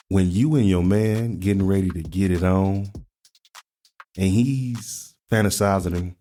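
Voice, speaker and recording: A man slipping into a smooth, seductive lover's voice, pitched noticeably lower and drawn out. He croons slowly at the ladies with a suggestive purr. The delivery is theatrical but relaxed. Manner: low, slow, suggestive delivery.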